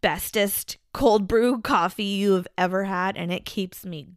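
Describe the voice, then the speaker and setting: A woman's voice: mid-range voice, clean tone, no room sound. Chatty young woman co-host, dry close mic. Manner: chatty, laughs often, quick asides. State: pregnant. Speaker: podcast co-host. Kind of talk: casual chat.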